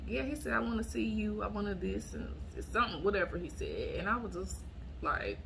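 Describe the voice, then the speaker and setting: A woman's voice: mid-range voice, brisk, creaky, slight background noise. Blunt woman telling a dating story. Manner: blunt, animated, quotes herself in raised voice. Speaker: storytime vlogger. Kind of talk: casual storytelling to camera.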